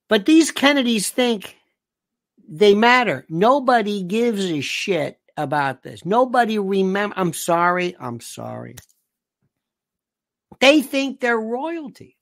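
A woman's voice: medium pitch, dry recording, studio quality. A woman giving a political commentary monologue, indignant and sarcastic, who hammers points by repeating phrases. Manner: sarcastic and scornful.

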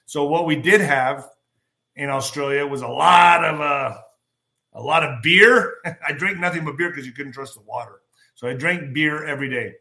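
A man hosting a show, telling a rambling, anecdotal story in a casual monologue and often clearing his throat. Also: a little high, moderate pace, bright, forceful tone.

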